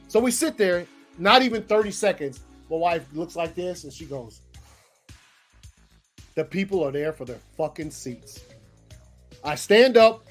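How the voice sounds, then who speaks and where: A man telling a story casually, animated and profane, acting out what people said. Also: high voice. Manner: animated, profane, acts out quotes. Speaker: podcast host.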